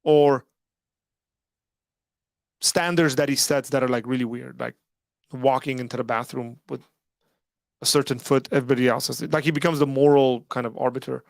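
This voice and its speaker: Male stream host, gravelly and hoarse, dry close sound, rambling casual delivery. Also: medium pitch, steady tone, moderate pace, pauses often, no room sound. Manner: rambling, filler-heavy, frequent "like" and "right?". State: losing his voice after hours of streaming. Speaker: host of a live call-in stream. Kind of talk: casual livestream talk.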